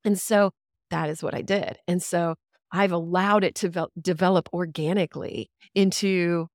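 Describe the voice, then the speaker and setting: A woman's voice: lowish voice, fairly even intonation, moderate pace, dry recording, clean studio sound. A woman talking candidly on a podcast, ranting freely, laughing and swearing as she goes. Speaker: podcast guest. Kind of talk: casual podcast conversation.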